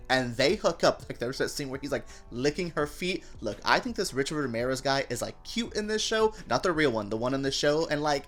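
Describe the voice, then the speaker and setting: Animated gossipy woman reviewing TV. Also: rumbling low, fairly quick, few pauses, soft background music. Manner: animated, gossipy and campy, with playful voices for quotes. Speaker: TV review show host. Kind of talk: casual TV review vlog.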